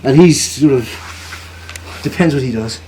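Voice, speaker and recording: A man leads a jiu-jitsu class at a retreat, explaining each move while he demonstrates it. His speech comes in short, halting bursts, and he keeps checking in with his students. The recording carries clear background noise from the training room. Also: medium pitch, warm tone, poor audio. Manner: chatty, checks in with "okay?" often; talks while moving on the mat, halting phrases. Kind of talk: live technique demonstration.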